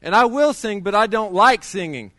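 A man's voice: high voice, expressive, normal speed, sharp tone, dry recording, studio quality. A middle-aged man preaching a sermon, telling his testimony in a conversational way with many restarts.

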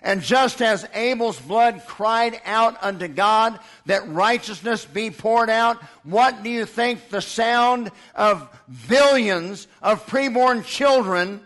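A man preaching with fiery indignation, stacking up repeated refrains. His voice sits high and rings bright and forceful. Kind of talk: sermon.

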